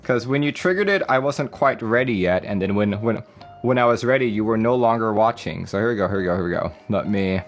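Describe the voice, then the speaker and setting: A man's voice: fairly low pitch, animated, brisk, soft background music. A man hosting a casual livestream, rambling and chuckling as he reads viewer messages. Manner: rambling, chuckling, reading chat aloud. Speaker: livestream host. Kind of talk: casual live-stream chat.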